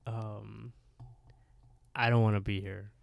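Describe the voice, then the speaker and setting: A man's voice: on the low side, little pitch movement, slow, vocal fry, dry recording, lo-fi sound. A man voicing a frightened young woman on the run, speaking bluntly and with panic. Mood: scared.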